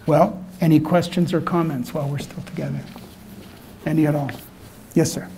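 Older man with a mellow, raised voice. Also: a little high, moderate pace, vocal fry, slight background noise. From Canada. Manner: rambling, relaxed, full of "you know" fillers. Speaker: filmmaker answering audience questions. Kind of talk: casual storytelling Q&A. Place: lecture room at a library event.

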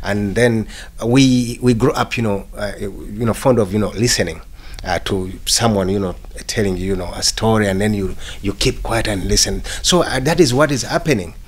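A man, a filmmaker guest speaking in an interview. He speaks haltingly, with many "you know"s and restarts. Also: on the low side. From Uganda. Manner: halting, full of "you know" and restarts, rising when animated. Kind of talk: reflective storytelling in an interview.

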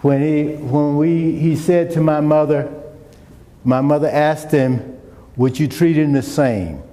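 A middle-aged man telling a personal story to an audience, acting out the dialogue with lively shifts. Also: a little high, slow. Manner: animated storyteller, acts out dialogue. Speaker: speaker. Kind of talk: storytelling talk. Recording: echoey hall with long reverb.

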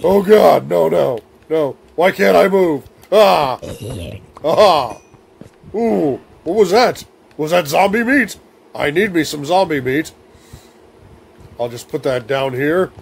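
A man's voice: a little high, lively intonation, slow, creaky, long pauses, slightly rough. A young man hosting a silly comedic game playthrough, babbling in baby talk and rhyming nonsense words as he plays. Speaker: gaming video host. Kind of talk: silly comedic let's-play commentary.

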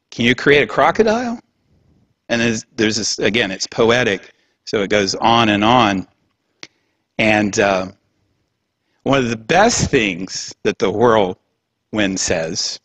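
A man's voice: mid-range voice, a bit bright, no room sound. A man giving a public lecture in a conversational, humorous way, with laughing asides.

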